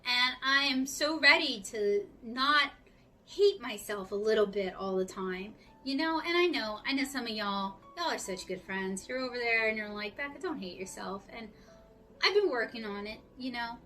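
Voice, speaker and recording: A woman's voice: fairly high pitch, moderate pace, bright, forceful tone, distant mic, soft background music. A woman with a Southern US accent talking candidly and a bit rambling to her audience in a casual vlog. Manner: candid, rambling, self-reflective. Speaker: artist vlogger. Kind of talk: casual talk to camera.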